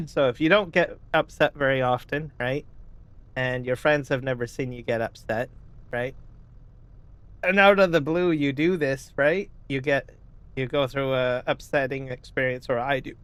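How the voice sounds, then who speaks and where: A man's voice: medium pitch, a little slow, fairly bright tone. Rambling man chatting on a live stream. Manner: rambling, keeps asking "right?", clears throat often. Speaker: gaming streamer. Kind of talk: casual live-stream chat.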